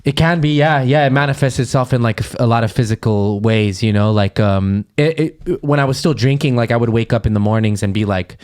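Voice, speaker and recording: A podcast co-host from the Los Angeles area talks through a personal story in a relaxed, rambling way. His voice is smooth and clear, sitting at an ordinary middle pitch. He wanders and restarts often, with plenty of filler words, sounding candid and unpolished. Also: brisk, few pauses. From Los Angeles area, USA. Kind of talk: casual chat.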